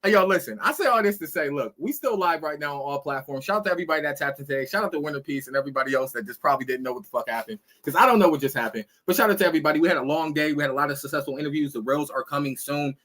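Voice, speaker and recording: Male podcast host, quick and punchy, crisp bright tone, profane street-slang delivery. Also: on the high side. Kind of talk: casual sign-off talk.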